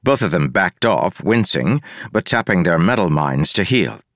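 A man narrating an audiobook in a wry, expressive way. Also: deep voice, normal speed, dry recording, studio quality.

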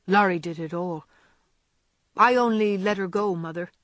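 A woman's voice: normal speed, fairly bright tone, no echo, close to an everyday voice. A woman voicing a remorseful, hot-tempered teenage girl who pleads through tears, in an audiobook reading. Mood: desperate, tearful. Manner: pleading, tearful, breaking out high.

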